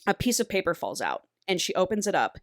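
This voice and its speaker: A woman with a lowish voice retells a novel in an animated, casual podcast style. She swears freely as she goes. The sound is dry and close, with no room echo. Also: quick pace. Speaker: podcast co-host. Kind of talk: casual book recap.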